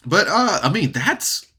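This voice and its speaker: Slow, bright-voiced man reviewing casually. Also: high-pitched, breathy edge. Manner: rambling, chatty, often laughs. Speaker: podcast reviewer.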